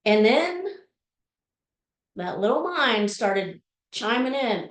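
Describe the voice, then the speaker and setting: A woman's voice: on the high side, expressive, moderate pace. A woman giving a motivational talk as a personal story, speaking expressively and acting out the voices she quotes. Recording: roomy echo.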